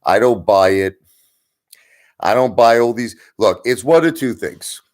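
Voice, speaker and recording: A man's voice: medium pitch, unhurried, a little mellow. A man hosting a livestream, ranting bluntly at his viewers, swearing and mocking them. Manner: blunt, swearing, mocks viewers in put-on voices. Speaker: livestream host.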